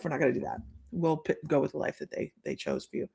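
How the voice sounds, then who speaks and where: A middle-aged woman giving a live-streamed psychic reading, chatty and rambling with many pauses and restarts. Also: deep voice, big pitch swings, creaky, dark tone, slightly rough. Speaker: psychic medium.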